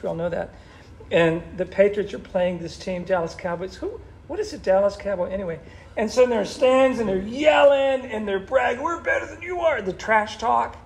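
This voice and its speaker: Man, pastor, sermon, gravelly, slightly high voice, animated. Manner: animated, conversational preaching.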